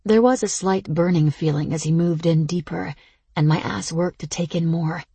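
A woman giving slow, intimate, first-person audiobook narration. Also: on the low side, fairly even intonation, warm tone, slightly rough, no echo.

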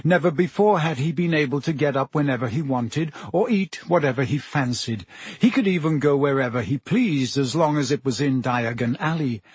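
A man narrating a storybook in a measured, even manner as an audiobook reader. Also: fairly high pitch, slightly rough, no room sound.

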